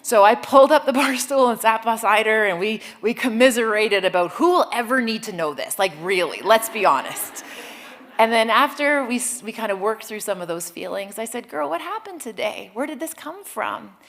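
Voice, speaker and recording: Animated woman giving a keynote. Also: fairly high pitch, normal speed. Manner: animated storytelling with asides; conversational, uses "like" and "right?". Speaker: keynote speaker. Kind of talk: motivational keynote talk.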